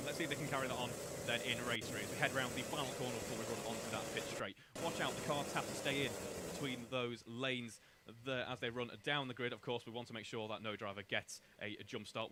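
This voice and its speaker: A man's voice: medium pitch, a little fast, hardly any pauses, heavy background noise. A man giving live commentary on a kart race from a commentary box, steadily reading out the grid order. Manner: steady, reads out grid orders in long lists. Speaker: karting commentator.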